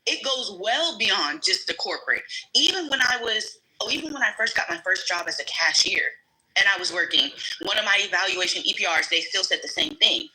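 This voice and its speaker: Young woman, blunt and frank, swears casually, very bright sharp voice. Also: mid-range voice, lively intonation, brisk, poor audio. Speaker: livestream panel guest. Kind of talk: casual storytelling in a live discussion.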